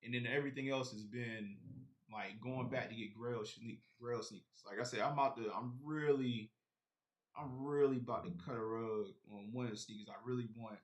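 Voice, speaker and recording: A man's voice: mid-range voice, moderate pace. Rambling man chatting on a live stream. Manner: rambling, talks straight to viewers. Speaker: sneaker collector streamer. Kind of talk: casual live-stream chat.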